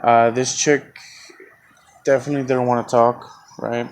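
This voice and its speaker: A man telling a long story on his own podcast. He talks in a loose, rambling way, swears constantly and gets heated. His voice sits at an ordinary middle pitch, with a faint hiss of background noise behind him. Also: level tone, a little slow. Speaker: podcast host. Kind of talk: casual storytelling.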